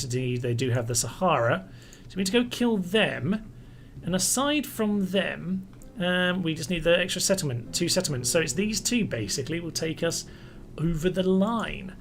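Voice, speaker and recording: A man giving casual, wry commentary as he plays a strategy game, thinking aloud and mildly exasperated by setbacks. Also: a bit bright. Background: faint music and air conditioner rumble.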